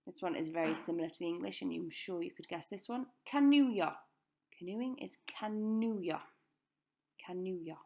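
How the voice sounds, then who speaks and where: A woman teaching a recorded language lesson, saying each word slowly and clearly for pupils to repeat. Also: on the low side, fairly even intonation, mellow. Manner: slow, careful pronunciation drills. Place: school.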